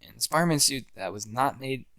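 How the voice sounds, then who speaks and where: Animated and fairly quick, a young man with a medium-pitched, fairly bright voice and vocal fry recounts making an amateur fan film. It's casual, rambling storytelling full of restarts and his own acted-out film lines, on a dry recording.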